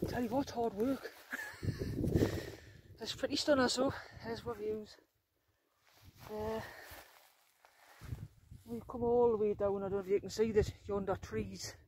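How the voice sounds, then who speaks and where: A woman, talking to camera in a chatty, jokey and excitable way while out on open hills. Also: on the high side, unhurried, pauses often, background noise. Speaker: vlogger, wild camper. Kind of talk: casual outdoor vlog narration.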